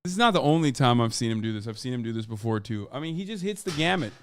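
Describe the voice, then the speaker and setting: A man's voice: mid-range voice, expressive, fast talker, a little hiss or hum. A man in his thirties, a streamer giving casual, profane live-stream commentary, ranting emphatically with plenty of fillers. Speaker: streamer reacting to a clip.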